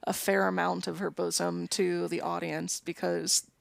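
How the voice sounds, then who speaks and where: A woman's voice: on the low side, flat delivery, unhurried, creaky, dry recording. A woman co-hosting a podcast in casual chat, dry and teasing. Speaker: podcast co-host.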